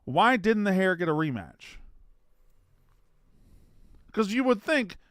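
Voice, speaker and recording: A man's voice: high voice, big pitch swings, slow, clean tone, no room sound, studio quality. A man co-hosting a sports podcast, rambling and joking, swearing freely in casual chat. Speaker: podcast co-host.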